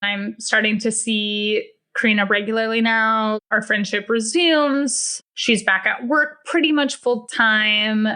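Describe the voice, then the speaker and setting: A woman's voice: mid-range voice, pushed and bright, smooth. A woman telling her own story on a podcast, blunt and profane, acting out the dialogue with emphasis. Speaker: podcast guest sharing a personal story. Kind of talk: first-person storytelling.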